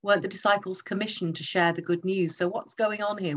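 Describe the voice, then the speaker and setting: A woman's voice: on the low side, fairly quick. Emphatic woman preaching a sermon. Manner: emphatic, teaching with rhetorical questions.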